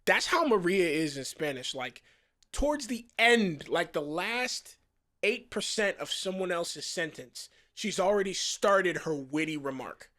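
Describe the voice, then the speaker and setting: A man in his thirties from South Florida, a guest actor telling casual, animated stories full of slang and acted-out quotes. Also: sits high, unhurried. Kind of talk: casual storytelling chat.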